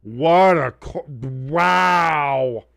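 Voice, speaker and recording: A man hosting a sports watch-along stream, giving excitable play-by-play with blunt, profane reactions. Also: a little high, drawn-out words, vocal fry, dry recording, clean studio sound. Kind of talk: casual live sports commentary.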